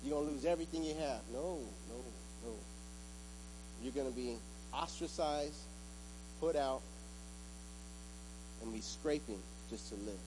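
A man preaching a sermon in a church, building from quiet talk to loud, rising preaching. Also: mid-range voice, a little slow, pauses often, noisy background. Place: church with an altar.

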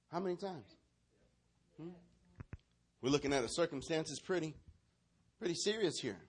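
A man's voice: fairly high pitch, expressive, normal speed, long pauses. A man preaching a sermon as pastor, emphatic and repetitive, calling out lines for the congregation to repeat.

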